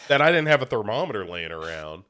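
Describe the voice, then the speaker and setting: A young man co-hosting a podcast chats casually, rambling and self-deprecating, with many restarts. He sounds a little congested, and his lowish voice is bright and forceful, with big pitch swings and a fast delivery.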